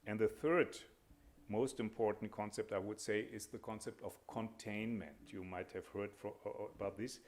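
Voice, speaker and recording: A man giving an academic lecture as a panel speaker, measured and hesitant, with frequent pauses and fillers. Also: on the low side, fairly even intonation.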